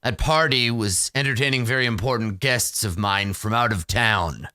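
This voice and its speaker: A man voicing a gruff male warlord who gives orders from his throne, speaking in a commanding, dismissive way. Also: lowish voice, normal speed, bright, forceful tone, no room sound, clean studio sound, pitched below the performer's own voice.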